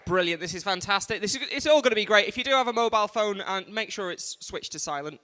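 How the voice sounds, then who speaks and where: A man's voice: sits high, expressive, quick pace, bright, forceful tone, slight background noise. A man hosting an awards night live on a stage microphone, chatty and rambling with asides to the audience. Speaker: event host and compere. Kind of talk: live stand-up compering. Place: large museum event hall. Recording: reverberant hall on live stream.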